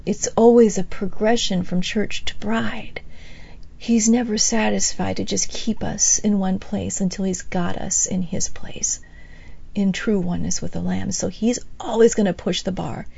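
A woman giving a sermon-style Bible teaching, animated, acting out the people she quotes and laughing between phrases. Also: medium pitch, vocal fry, breathy edge. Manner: animated, acts out quoted speakers. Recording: dull, lo-fi, dry.

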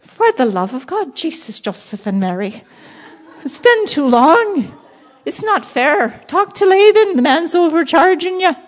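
A woman voicing an exasperated onlooker with an Irish accent, scolding loudly and pleading on someone's behalf. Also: extremely high pitch, very animated, unhurried, pitched above the performer's own voice, exaggerated voice. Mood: indignant. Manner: loud, indignant, pleading. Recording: dull lo-fi recording.

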